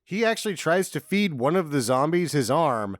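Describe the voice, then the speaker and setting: Man, podcast co-host, fairly high and animated voice, dry mic. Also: moderate pace, no room sound. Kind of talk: casual movie-riffing chat.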